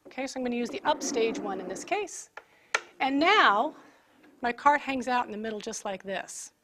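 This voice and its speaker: High-voiced woman demonstrating equipment. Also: a little hiss or hum. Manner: clear step-by-step explaining while handling equipment. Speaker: equipment instructor. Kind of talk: product demonstration.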